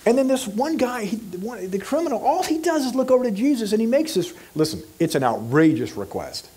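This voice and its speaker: A man's voice: extremely high pitch, sing-song, a little fast, warm tone, breathy edge. A male pastor preaching an emphatic sermon who acts out scenes and questions the audience.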